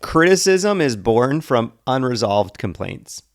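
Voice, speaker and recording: A man's voice: medium pitch, sing-song, a little slow. A man co-hosting a relationship advice podcast, chatting casually and thinking aloud, often restarting his sentences. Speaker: podcast co-host.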